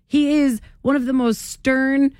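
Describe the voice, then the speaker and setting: A woman's voice: high voice, steady tone, unhurried, darkish tone, clear, resonant tone, no room sound, clean studio sound. A woman hosting a morning radio show, chatting in a bubbly way and laughing often.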